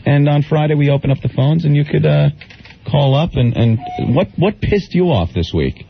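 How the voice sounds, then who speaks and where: A man's voice: on the high side, animated, normal speed, vocal fry. A male radio co-host chatting crudely and laughing through casual banter. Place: radio studio. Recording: dull lo-fi radio broadcast with faint noise.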